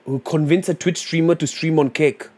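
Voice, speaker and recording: A man's voice: on the high side, steady tone, normal speed, darkish tone, husky. A man live streaming, chatting loosely with his viewers and thinking aloud as he reads and types suggestions. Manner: thinks aloud and mumbles while reading chat; loose and slangy, with frequent fillers. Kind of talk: casual livestream chat.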